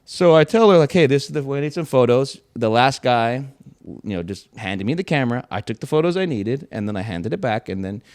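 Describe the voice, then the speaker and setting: Telling a laid-back story on his podcast, this young male host talks fairly quickly in a medium-pitched voice. It's lively, full of swearing, with quotes performed out loud.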